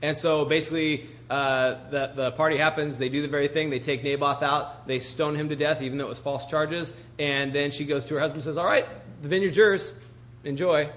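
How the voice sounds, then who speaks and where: A man's voice: on the high side, little pitch movement, fairly quick, few pauses, a bit bright. A man preaching, retelling a Bible story in an informal, conversational way with frequent asides and restarts.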